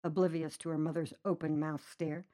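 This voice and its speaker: A woman reading a short story aloud, narrating lively and voicing the characters' lines herself. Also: normal speed. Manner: lively, voices characters with raised pitch. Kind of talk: storybook narration with acted dialogue.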